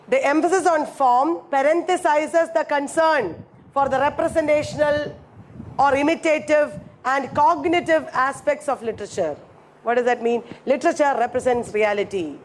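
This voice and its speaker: A woman giving a classroom lecture, repeating key phrases slowly and checking that students follow. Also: sits high, a little hiss or hum.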